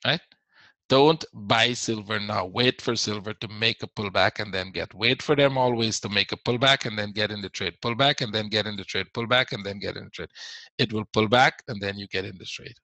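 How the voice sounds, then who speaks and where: This forex trading instructor has a lowish, sharp-toned voice and runs a live trading webinar, going over his points again and again and responding to viewers along the way. The recording is dry and of low quality.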